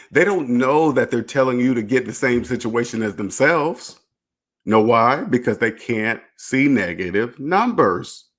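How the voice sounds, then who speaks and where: A man lectures his viewers in a casual monologue, hammering his points home with rhetorical questions. His delivery is blunt and emphatic, with casual swearing and short laughs. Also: mid-range voice. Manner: blunt and profane, with brief laughs. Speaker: personal finance channel host. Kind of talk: casual direct-to-camera monologue.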